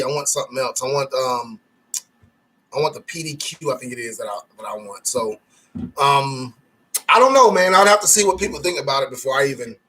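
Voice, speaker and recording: A man hosts a casual live stream, chatting loosely and restarting his sentences. His voice is bright and a bit husky, pitched slightly high for a man. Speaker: livestream host reading chat.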